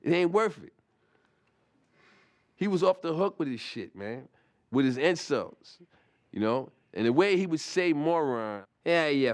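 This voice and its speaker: A man telling a comic anecdote in a rambling, profane way, full of restarts and asides. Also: medium pitch. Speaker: comic storyteller.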